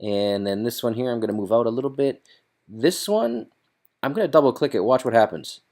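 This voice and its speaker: A man hosting a casual screen-recorded software tutorial, chatty and loose, thinking aloud as he works. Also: mid-range voice, animated, fairly quick.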